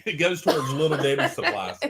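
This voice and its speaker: A man's voice: on the high side, fast, fairly bright tone, a little hiss or hum. Joking Southern man hosting a live stream. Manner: joking, teasing, rambling. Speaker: co-host of a travel livestream. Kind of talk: casual livestream chat.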